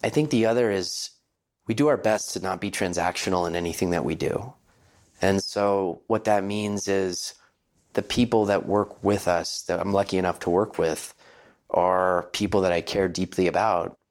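A man speaking as an interview guest about the investment firm where he works, measured and earnest as he thinks aloud. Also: low-pitched. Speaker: guest, partner at his late father's investment firm. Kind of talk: reflective interview answers.

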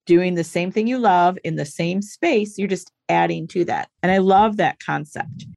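Chatty woman host with a gravelly low voice. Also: a little mellow, no room sound, clean studio sound. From US Northeast. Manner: chatty and encouraging, with quick laughs. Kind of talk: casual podcast conversation.

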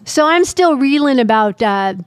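A woman's voice: sits high, lively intonation, moderate pace, dry recording. A middle-aged woman co-hosting a casual podcast chat, telling a family story and quoting others. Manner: chatty storyteller, quotes others. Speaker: podcast co-host.

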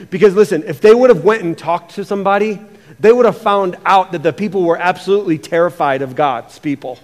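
A man preaching a sermon as pastor, animated, often repeating words and acting out quotes. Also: sits high, long reverb tail.

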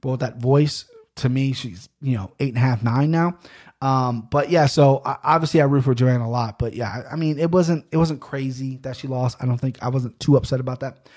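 A man's voice: mid-range voice, fairly quick, a little mellow. A man hosting a podcast, rambling in casual solo talk with many fillers and restarts. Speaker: podcast host.

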